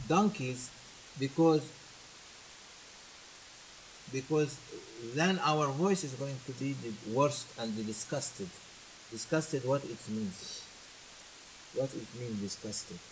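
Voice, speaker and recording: A man's voice: mid-range voice, slow, pauses often, rough recording. Male teacher giving a sermon, faint hiss. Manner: switches between languages, teaching with repetition and questions to listeners. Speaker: religious teacher. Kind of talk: sermon with translation.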